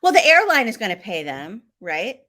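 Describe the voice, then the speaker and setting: A woman hosting a podcast, reacting with short laughs, quick replies and questions. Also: mid-range voice, sing-song, sharp tone. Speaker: podcast host. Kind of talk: casual chat.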